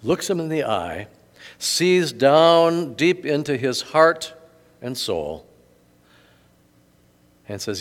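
A man's voice: fairly high pitch, slow pace, pauses often. Guy pastor preaching, chatty storyteller, voice all over the place, big echoey church hall. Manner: conversational, animated storytelling with asides. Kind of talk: sermon with gospel reading. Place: church sanctuary. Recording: long reverb of a large hall.

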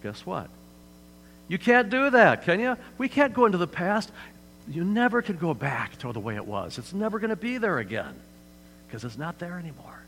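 A man's voice: high voice, big pitch swings, moderate pace, a bit bright. A man preaching a sermon as pastor in a church hall, conversational, often turning to the audience with questions. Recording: hall reverb, faint mains hum.

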